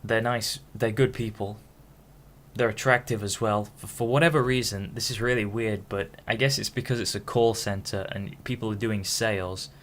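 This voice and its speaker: Young guy from hull, lowish voice, rambling vlog rant, keeps restarting sentences. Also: steady tone, a bit bright, slight background noise. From Hull, England. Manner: frank, halting, many restarts. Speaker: vlogger. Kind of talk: casual rambling monologue.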